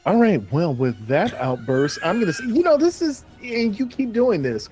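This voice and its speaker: A man's voice: sits high, sing-song, moderate pace, a little mellow, soft background music. A man co-hosting a casual sports talk show, playful, with a hype promo delivery.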